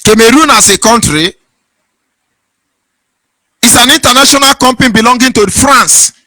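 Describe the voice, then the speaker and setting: This online broadcast host is a man from southeastern Nigeria with a Nigerian accent, delivering a fervent political monologue in a sing-song preaching cadence. His voice is extremely high and sharp, at a moderate pace, with no echo.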